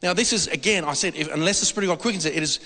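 A man preaching a sermon, animated and emphatic, repeating words for stress. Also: on the high side, rapid-fire. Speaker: pastor. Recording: hall reverb.

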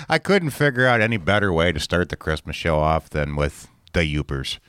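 A man's voice: deep voice, normal speed, fairly bright tone, smooth, no room sound, studio quality. A man with a Michigan accent co-hosting a casual podcast chat, often stumbling over and repeating his words. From Michigan, USA. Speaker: podcast co-host.

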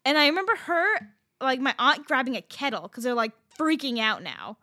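A woman co-hosting a podcast, telling a story in casual chat, animated and swearing freely with lots of fillers. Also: high-pitched, normal speed, dry recording, clean studio sound. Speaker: podcast co-host.

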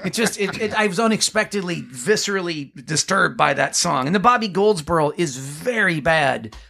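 A man co-hosting a music podcast in casual chat, halting and stumbling over his words with frequent laughs. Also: a little high, expressive, creaky, bright, forceful tone. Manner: halting, restarts often, laughs a lot. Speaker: podcast co-host.

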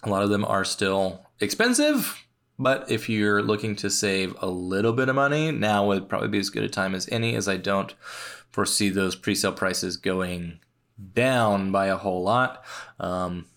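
A man's voice: fairly low pitch, lively intonation, moderate pace, a bit bright. A man co-hosting a hobby podcast, chatting casually with a dry, joking manner. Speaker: podcast co-host. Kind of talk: casual chat.

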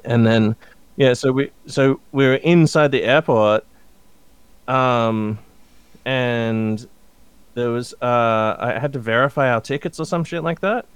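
A man's voice: medium pitch, takes it slowly, clean tone, no room sound. A man on a podcast, rambling through a story with plenty of swearing. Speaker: podcast co-host. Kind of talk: casual chat.

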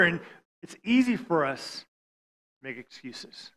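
Bright high-voiced male pastor preaching. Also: big pitch swings, measured pace. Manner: stammering restarts, swings from loud to hushed. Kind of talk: sermon.

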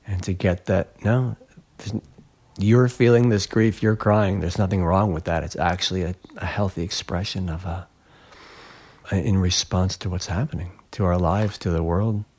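Earnest low-voiced man telling his story. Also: moderate pace, husky. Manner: earnest, reflective, lively when retelling stories. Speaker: guest; glassblower. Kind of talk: emotional personal storytelling.

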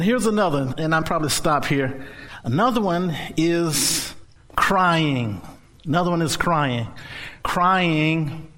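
A male pastor preaching a sermon in an animated way, laughing often and bursting into shouts. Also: on the high side.

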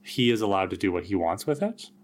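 A man co-hosting a podcast, calmly reasoning through an opinion in casual chat. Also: low voice, fast. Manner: reasoned, arguing a point with restarts. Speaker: podcast co-host.

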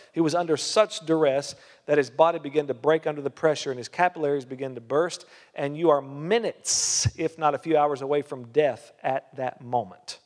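A man's voice: fairly high pitch, in a large hall. A man preaching a sermon as a pastor, emphatic, with many rhetorical questions. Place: church hall.

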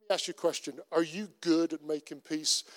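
A man's voice: a little high, fairly even intonation, a little fast. A middle-aged man with a Cornish accent, a pastor preaching a sermon in an earnest, conversational way with lots of repetition. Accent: Cornish English. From Cornwall. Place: church. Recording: long reverb of a church hall.

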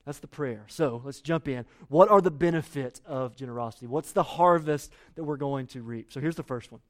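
A man's voice: mid-range voice, a little fast. A man, preaching a sermon in a conversational way and getting the congregation to read along. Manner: conversational preaching with audience call-and-response. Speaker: pastor.

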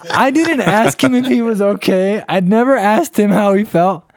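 A man's voice: high-pitched, animated, measured pace. A young man from Southern California telling a funny story in a casual chat with friends, swearing and laughing often.

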